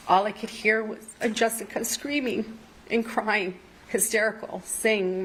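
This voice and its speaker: A woman's voice: medium pitch, steady tone, unhurried, sharp tone, slight background noise, low-quality recording. A woman testifying as a witness in a courtroom, recounting events at length and quoting what others said, emotional and apologizing through tears. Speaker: trial witness.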